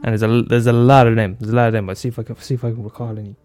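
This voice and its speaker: A man's voice: mid-range voice, level tone, rapid-fire, a little mellow, soft background music. Rambling, swearing man podcasting. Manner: loose and profane, many fillers and restarts. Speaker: podcast host. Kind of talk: rambling solo podcast chat.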